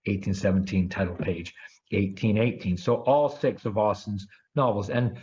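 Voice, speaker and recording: A man gives an academic lecture in a low voice, keen on his subject and often stumbling into fillers and restarts. The audio is dull and lo-fi, as from a video call. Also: fairly even intonation, moderate pace, a little mellow. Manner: enthusiastic, with frequent fillers and restarts.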